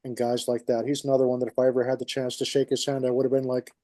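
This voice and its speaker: A man's voice: mid-range voice, completely flat delivery, fast talker, dark tone, no echo. A man with a New York accent co-hosting a podcast, telling long rambling stories in casual chat with many restarts. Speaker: podcast co-host.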